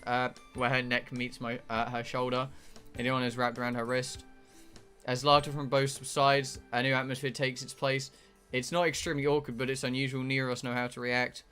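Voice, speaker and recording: A British man reads out a game's story text and chats with his stream audience in between. His voice is bright and forward, and his talk is joking and rambling, with stumbles over words as he reads. Faint music plays in the background. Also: medium pitch. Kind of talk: live-streamed game playthrough, reading aloud and chatting.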